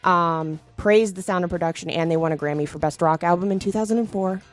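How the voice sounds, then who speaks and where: Brief: easygoing woman podcast co-host from Philadelphia, casual read of notes and comments, low-pitched. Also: quick pace, faint music behind. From Philadelphia, USA. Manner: easygoing, laughs often, reads from notes. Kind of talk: casual chat, reading listener comments.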